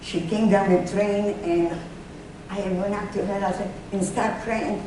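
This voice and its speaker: A woman's voice: mid-range voice, fairly even intonation, mellow. Older woman recalling the war, far off in an echoey room. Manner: halting, repeats words while recalling, emotional. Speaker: Holocaust survivor speaking to students. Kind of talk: personal testimony to a student audience. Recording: echoey room, mic far off, faint noise.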